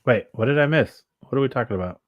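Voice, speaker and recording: A man's voice: mid-range voice, expressive, fast talker, phone-quality sound. A man with a Southern US accent hosting a casual motorcycle livestream, rambling and laid-back, saying dude a lot. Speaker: motorcycle channel host.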